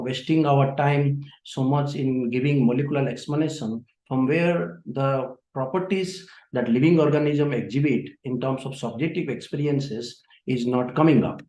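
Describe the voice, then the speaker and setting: A man giving an introductory conference lecture, speaking haltingly and often pausing on "uh" and "you know". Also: mid-range voice, darkish tone, echoey room, low-quality recording. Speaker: conference presenter.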